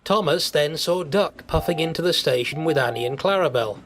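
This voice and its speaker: A man giving an expressive, measured storybook narration. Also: on the high side. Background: music.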